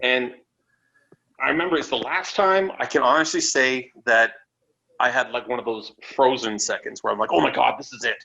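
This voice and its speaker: Animated Canadian man telling stories. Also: medium pitch, normal speed, vocal fry. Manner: animated, swearing, acts out quotes. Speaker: wrestler guest. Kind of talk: casual storytelling interview. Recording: dull lo-fi audio with faint noise.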